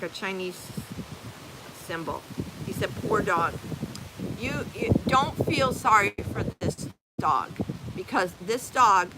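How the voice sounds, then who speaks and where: Outdoors in rain and breeze, an older woman hosts a casual live-stream chat for her channel, reading viewer comments aloud and spelling names letter by letter. Her voice is mid-range, with background noise.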